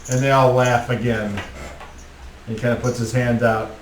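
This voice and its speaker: Laid back guy game-mastering, slow rambly talk, far from the mic, faint hiss. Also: mid-range voice, level tone. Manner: casual, rambling, full of "like". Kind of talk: narrating a tabletop game. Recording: roomy, distant mic, faint noise.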